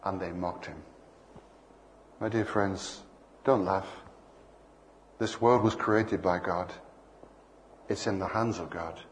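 A man's voice: fairly low pitch, a little hiss or hum. An older man preaching a sermon, telling playful anecdotes and acting out bits of dialogue.

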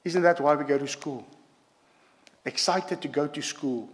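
A man's voice: on the high side, unhurried. A man preaching a sermon to a congregation, emphatic and punctuating his points with "yeah?". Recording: long hall reverb.

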